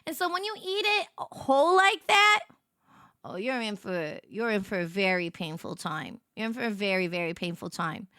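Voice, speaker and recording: A woman's voice: medium pitch, animated, normal speed, bright, forceful tone, no room sound, clean studio sound. A young woman streamer chatting casually on a livestream, telling stories animatedly and greeting viewers by name.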